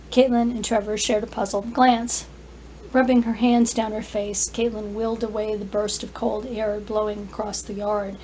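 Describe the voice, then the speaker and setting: Woman reading her story aloud, fairly high. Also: mellow, slight background noise, rough recording. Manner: clear, careful reading with small restarts. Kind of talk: scripted narration, story reading.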